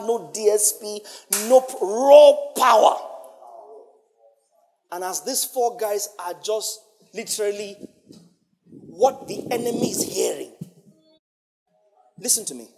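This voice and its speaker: A male pastor delivers a sermon with a very lively, wide-ranging pitch, swinging from booming declarations to hushed phrases. His voice carries a long reverb, as if filling a large hall.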